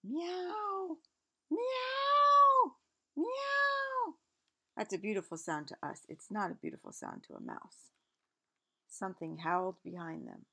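Woman storyteller, very animated, gentle picture-book read-aloud with asides. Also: on the low side, fairly quick, vocal fry. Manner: expressive, stops to explain the pictures.

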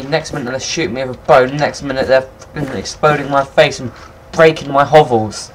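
A young man giving casual, excitable game commentary at his computer, swearing often and talking to himself. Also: medium pitch, a little fast, few pauses, a little hiss or hum. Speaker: gaming video maker. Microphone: computer mic, no headset.

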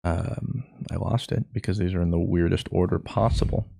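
A man with a fairly low voice co-hosts a casual gaming podcast, rambling and joking with friends. His voice sounds close and dry, with little room sound. He slips into sarcasm easily. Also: fairly even intonation, normal speed, creaky, dark tone, breathy edge, no room sound. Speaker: podcast co-host.

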